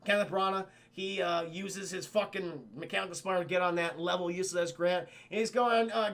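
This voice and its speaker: A man recapping a film scene by scene for his live stream chat, animated and profane, mimicking characters as he goes. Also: sits high, brisk, few pauses.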